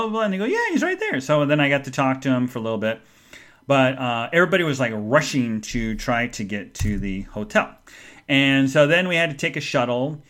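This podcast host has a mid-range voice with a fairly bright tone. He tells a long, chatty, rambling story and performs the voices of whoever he's quoting.

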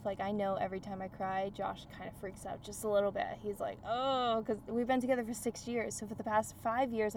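A woman's voice: medium pitch, slight background noise. A woman hosting a podcast, sharing personal stories in an open, confessional way. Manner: open, confessional, storytelling with laughs. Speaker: podcast host. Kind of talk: casual conversational interview.

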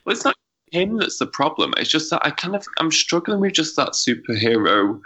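A man's voice: a little high, sing-song, a little fast, sharp tone, husky. A man guesting on a podcast, chatting casually and rambling with laughs. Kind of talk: casual chat. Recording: dull lo-fi line.

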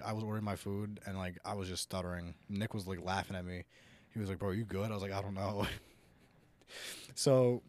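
Crude young man telling stories. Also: lowish voice. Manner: crude joking storyteller. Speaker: podcast host. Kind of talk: casual podcast banter.

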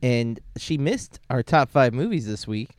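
A man's voice: mid-range voice, very animated, unhurried, darkish tone, dry recording, clean studio sound. A man hosting a movie club podcast, talking casually with lots of ums and uhs. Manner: rambling, many ums and uhs. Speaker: podcast host. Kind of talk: casual chat.

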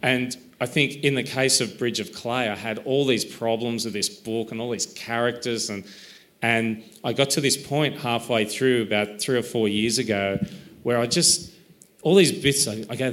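A man's voice: medium pitch, moderate pace, a bit bright. Reflective man, thoughtful author. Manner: thoughtful, self-deprecating, rambling with restarts. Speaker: author being interviewed. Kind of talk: reflective conversational interview.

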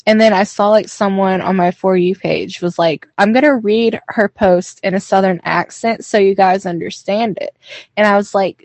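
A young woman from Oklahoma talks easily on a podcast, filling her sentences with likes. Her pitch is middling, and the recording is dry and close. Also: brisk, a little mellow, dry recording. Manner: laid-back, filler-heavy. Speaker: podcast co-host. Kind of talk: casual chat.

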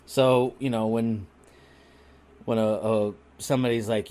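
A man telling a story on a podcast in a crude, rambling and animated way, restarting his sentences often. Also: medium pitch, a little slow. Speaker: podcast co-host. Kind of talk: casual comedic storytelling.

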